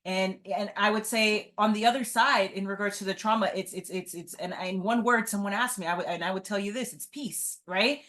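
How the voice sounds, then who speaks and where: A woman's voice: medium pitch, fairly quick, few pauses, a bit bright. A woman guest on an interview podcast, talking earnestly and often adding "right?" to her points. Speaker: guest, entrepreneur. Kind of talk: casual interview talk.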